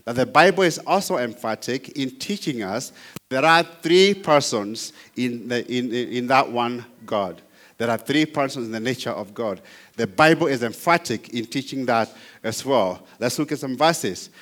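A man's voice: mid-range voice, normal speed, fairly bright tone. Guy teaching bible apologetics, reads verses out, leans hard on key words.

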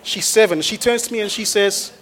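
A man, a pastor preaching a sermon to his church with energetic storytelling that rises into loud exhortation. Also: sits high, fairly quick, a faint crowd, slight background noise. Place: church auditorium.

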